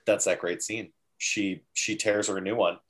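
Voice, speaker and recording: A man co-hosting a casual podcast chat, recapping a film in an animated, jokey way and acting out characters' lines. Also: on the low side, moderate pace. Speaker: podcast co-host.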